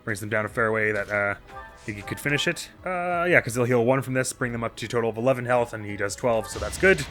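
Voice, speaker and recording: A man talks through his strategy game turn by turn, chatty and self-mocking as he works things out aloud. His voice is bright and forceful, with faint game music playing underneath. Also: mid-range voice, fast. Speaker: let's play host. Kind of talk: casual gameplay commentary.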